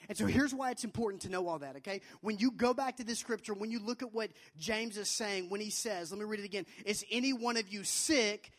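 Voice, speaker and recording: A man's voice: brisk, few pauses, a bit bright. Emphatic young male youth pastor. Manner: emphatic, repeats phrases, acts out quotes in a high childlike voice. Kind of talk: sermon to students.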